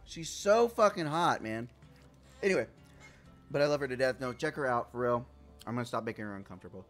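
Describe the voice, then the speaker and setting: A man live-streaming a game, talking casually with his chat in a loud, profane, playful way. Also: mid-range voice, lively intonation, a little fast, soft background music. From Puerto Rico.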